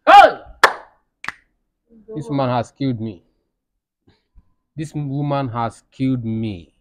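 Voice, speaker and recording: A man's voice: medium pitch, slow pace, dry recording, lightly acted. A Nigerian man acting a heartbroken, outraged husband in a comedy skit, with a wailing, threatening manner. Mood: aggrieved.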